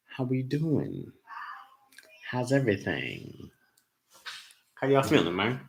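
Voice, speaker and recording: A man's voice: on the low side, wildly swooping pitch, normal speed, vocal fry, long pauses, fairly bright tone. A man hosting a casual livestream, greeting viewers by name and chatting loosely. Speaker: livestream host. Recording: echoey room with faint noise.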